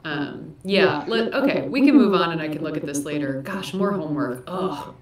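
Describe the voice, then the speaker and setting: A woman's voice: deep voice, animated, moderate pace, roomy sound, far from the mic. A woman playing a tabletop game, bubbly and joking with the group. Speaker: player. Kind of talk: casual tabletop game chat.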